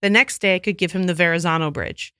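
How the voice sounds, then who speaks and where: A woman's voice: fairly low pitch, quick pace, clear, resonant tone, no echo, clean studio sound. Chatty woman podcast host. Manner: animated storyteller who acts out quoted voices. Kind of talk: casual chat.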